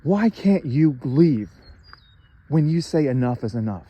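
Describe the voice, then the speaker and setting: A man's voice: a little high, expressive, measured pace, dark tone, no room sound. A man delivering an impassioned monologue rant, angry and profane, firing off rhetorical questions.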